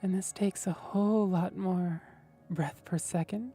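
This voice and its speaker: A woman streamer in casual livestream chat, explaining voice technique in a gentle, thoughtful way and often checking in with "right?". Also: fairly low pitch, steady tone, a little slow, breathy edge, soft background music. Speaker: streamer host.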